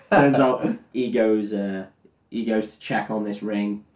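A man's voice: lowish voice, steady tone, slow pace, a little mellow. Male podcast co-host, rambling and sweary, roomy echo. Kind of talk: comic plot retelling.

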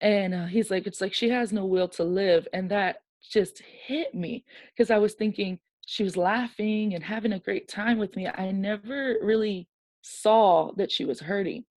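A woman's voice: medium pitch, a little slow, no room sound. Candid woman telling an emotional story. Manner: animated storyteller who acts out quoted dialogue. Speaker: guest. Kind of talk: personal storytelling in a podcast interview.

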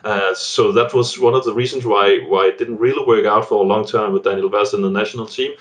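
A man's voice: lowish voice, steady tone, fairly quick. A man from Denmark, a guest pundit talking football, often restarting and repeating words. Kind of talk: casual football discussion.

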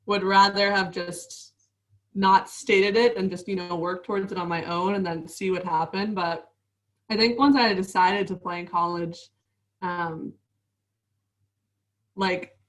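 A woman's voice: medium pitch, distant mic, rough recording. A woman in her twenties, a professional basketball player, chatting casually as an interview guest with many fillers and frequent laughs.

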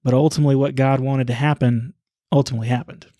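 Mellow-voiced man retelling a Bible story. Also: mid-range voice, fairly even intonation, no echo, studio quality. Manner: retells the story loosely, with many "uh" pauses and repeated words. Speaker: son discussing scripture with his father. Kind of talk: casual Bible storytelling conversation.

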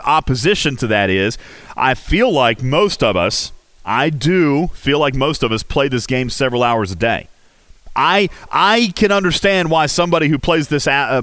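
A man hosting a casual game livestream, talking in an animated, rhetorical way with many fillers. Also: mid-range voice, clean tone, no echo. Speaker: livestream host. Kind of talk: casual game commentary chat.

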